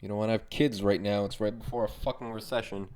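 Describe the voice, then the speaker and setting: A man's voice: lowish voice, steady tone, fast talker, darkish tone, smooth. A young man hosting his own podcast, rambling in a profane, self-mocking solo monologue. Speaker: podcast host.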